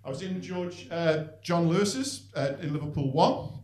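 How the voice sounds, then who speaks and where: A man's voice: a little high, animated, moderate pace, a little mellow. A middle-aged man from St Helens with a Northern English accent, doing a dry, rambling stand-up set in a comedy club. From North West England. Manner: dry, self-deprecating, rambling delivery with frequent "really" tags. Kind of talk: live stand-up routine. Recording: echoey club with audience. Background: audience laughter.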